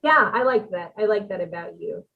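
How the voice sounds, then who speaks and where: A woman's voice: medium pitch, lively intonation, normal speed, vocal fry, narrow, tinny audio. A woman co-hosting in casual chat, chatty and giggly as she tells stories. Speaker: co-host.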